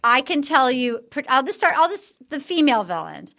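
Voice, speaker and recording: A woman hosting a comedy podcast, rambling through an animated recap and acting out the people she quotes. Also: sits high, brisk, creaky. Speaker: podcast host. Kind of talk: casual comedic recap chat.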